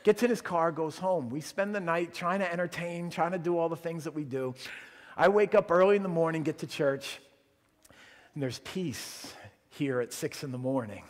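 Animated pastor telling stories in a hall. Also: male voice, on the high side, moderate pace. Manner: animated storyteller acting out quotes. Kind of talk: sermon storytelling. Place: church sanctuary. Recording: long church reverb.

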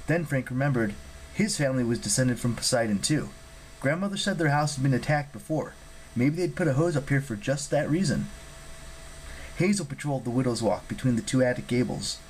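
A man reads an audiobook aloud in a steady, plain storytelling manner. His pitch sits in the middle of the range and moves freely. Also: slight background noise, low-quality recording. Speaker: audiobook narrator. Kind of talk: audiobook narration.

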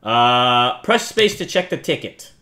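A young man giving jokey, self-mocking let's-play commentary on a horror game, yelping and shouting at the scares. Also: mid-range voice, very animated, takes it slowly. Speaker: gaming YouTuber.

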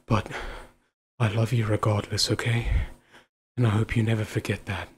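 A man voicing a gentle, anxious young husband in an audio role-play, stammering soft reassurances to his wife. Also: fairly low pitch, little pitch movement, moderate pace, close to an everyday voice. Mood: tender worried. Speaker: voice actor.

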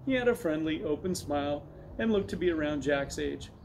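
A man narrates a children's chapter book in a steady, clear read-aloud manner. His voice sits a little higher than most men's, with a faint room hum in the background. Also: brisk, rough recording. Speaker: reader.

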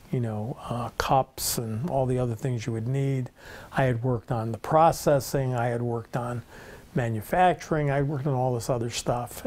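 An older man casually telling the story of how he started his business, relaxed and conversational. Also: mid-range voice. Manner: relaxed, conversational, rambling with restarts.

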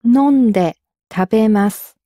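A woman modelling phrases in a language course, repeating each one clearly and carefully. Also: a little high, slow pace, dark tone, dry recording, clean studio sound. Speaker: native model speaker.

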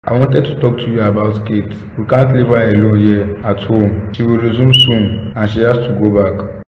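A man as a gentle, reasoning father. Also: on the low side, fairly even intonation, normal speed, roomy sound, in a large hall, dull audio, a little hiss or hum, close to an everyday voice. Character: kind father, calm husband.

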